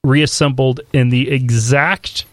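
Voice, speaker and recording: A man's voice: mid-range voice, no room sound. Man, podcast co-host, casual chat, filler-heavy, dry close sound. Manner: halting, filler-heavy, then steady explaining. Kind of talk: casual chat and explainer segment.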